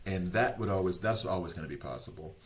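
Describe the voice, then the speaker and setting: A man's voice: sits low, expressive, fast. A young man streaming, chatting casually with viewers in a rambling, self-deprecating way, full of fillers and restarts.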